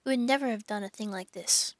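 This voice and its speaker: A woman's voice: medium pitch, fast, no echo, natural voice. A woman voicing a gloomy, guilt-ridden male faun who talks mournfully between sobs. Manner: sobbing, mournful.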